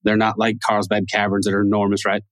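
A man's voice: lowish voice, monotone, quick pace, fairly bright tone, dry recording. A man co-hosting a casual podcast chat, goofy and rambling, laughing often. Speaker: podcast co-host.

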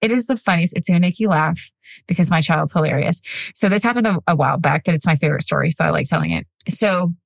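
A woman's voice: lowish voice, quick pace, gravelly, no room sound, studio quality. A young woman co-hosting a podcast, telling stories in casual chat and swearing freely. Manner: swears freely, animated storyteller. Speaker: podcast co-host.

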